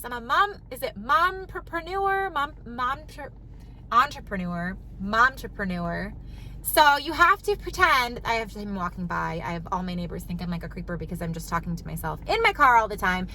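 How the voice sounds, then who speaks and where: Woman, 30s, vlogger; emphatic, repetitive delivery; high bright voice. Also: a little hiss or hum, low-quality recording. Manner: chatty, emphatic, repeats key phrases. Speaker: vlogger, mom and business owner. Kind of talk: casual talk to camera. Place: parked car.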